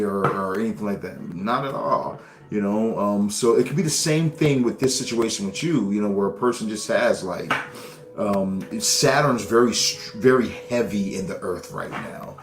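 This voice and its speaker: A man's voice: lowish voice, normal speed. Casual male tarot streamer, loose and profane, laughs a lot; echoey room sound. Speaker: tarot reader on a live stream. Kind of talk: casual live-stream reading.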